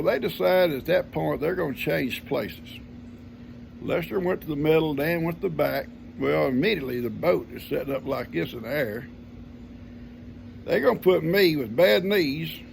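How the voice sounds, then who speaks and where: A man's voice: a little high, normal speed, gravelly, a little hiss or hum. An older man, telling a family story in a folksy, homespun way. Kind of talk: casual storytelling.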